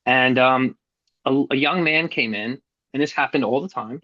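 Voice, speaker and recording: A man's voice: mid-range voice, moderate pace, no echo, lo-fi sound. A middle-aged man telling a hard personal story as a guest, earnest and blunt, with some casual swearing. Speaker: podcast guest.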